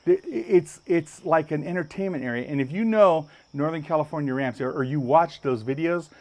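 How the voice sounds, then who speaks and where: A man hosting a podcast, telling a story with lots of energy and jumping up high when he acts out other people's lines. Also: brisk, darkish tone. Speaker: podcast host. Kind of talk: animated storytelling. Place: podcast studio.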